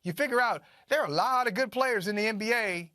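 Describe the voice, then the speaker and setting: A middle-aged man co-hosting a sports debate show, his voice pitched high and his delivery animated. He hammers his points home by repeating phrases. The sound is dry and close. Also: fast talker, dry recording. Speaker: co-host of a sports talk show.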